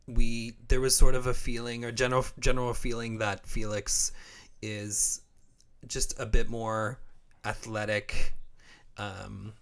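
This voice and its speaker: A man's voice: mid-range voice, a bit bright. A man from Canada co-hosting a podcast, chatting casually about the sport and laughing often. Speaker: podcast co-host. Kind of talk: casual chat.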